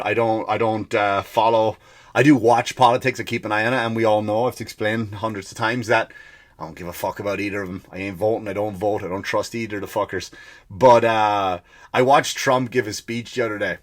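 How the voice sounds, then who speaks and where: A man's voice: lowish voice, fairly even intonation, fairly quick. A man hosting a comedy podcast, ranting in a profane, sarcastic monologue.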